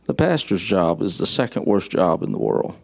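A man's voice: low-pitched, wildly swooping pitch, moderate pace, creaky. A middle-aged man, preaching a sermon in a folksy, storytelling way with dry humor. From southern United States. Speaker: guest preacher.

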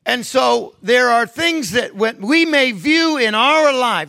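A man preaching a sermon, emphatic, swinging between hushed stretches and raised, stressed lines. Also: very high-pitched, animated, slow, vocal fry, few pauses, no echo.

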